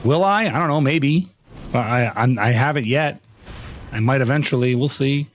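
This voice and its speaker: A man's voice: mid-range voice, normal speed, slight background noise. A man in his thirties streaming a game live, ranting in playfully dramatic exasperation. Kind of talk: live gaming stream chat. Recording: loud music over the voice. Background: loud music playing.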